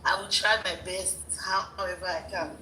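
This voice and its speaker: A woman joining a live stream from home, hesitant and laughing nervously as she recites a halting prayer. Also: on the low side, level tone. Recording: echoey room with loud background noise.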